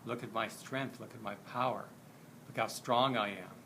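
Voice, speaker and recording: A brash young giant wolf brags about his strength and sneers at an old rival, as a man puts him on in a told tale. The voice is low and plain, with a steady hiss of noise behind it. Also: moderate pace, vocal fry. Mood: boastful. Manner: boastful, challenging.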